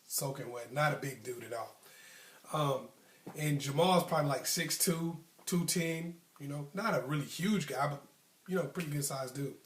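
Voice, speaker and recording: Man, slightly higher voice, relaxed storyteller with ums and likes, echoey room. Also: distant mic. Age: adult, past his youth. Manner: conversational, many ums and likes, acts out friends' tough talk. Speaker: storyteller, channel host. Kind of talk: casual personal storytelling.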